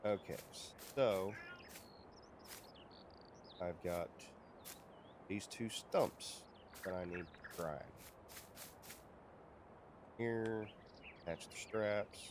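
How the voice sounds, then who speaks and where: A man's voice: low voice, drawn-out words, long pauses. A man streaming a farming game, rambling and chatty as he narrates what he does and talks to himself. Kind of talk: casual gameplay commentary. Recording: loud background noise.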